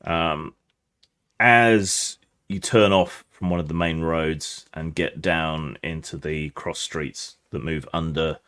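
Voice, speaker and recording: Deep-voiced man running a tabletop game. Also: slow, smooth. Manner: relaxed, descriptive, many fillers. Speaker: game master.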